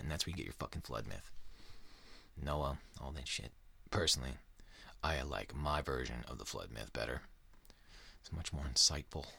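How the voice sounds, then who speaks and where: A man's voice: rumbling low, vocal fry, sharp tone, slightly rough, no echo. A man hosting a casual podcast, talking in a profane, rambling and sarcastic way. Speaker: podcast host. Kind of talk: casual chat.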